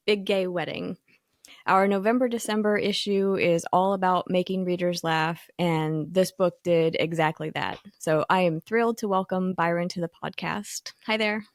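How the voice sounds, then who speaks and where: A woman's voice: fairly low pitch, no echo, studio quality. A woman hosting a podcast, opening with a scripted introduction before chatting. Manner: scripted intro then warm chat. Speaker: host, editor-in-chief.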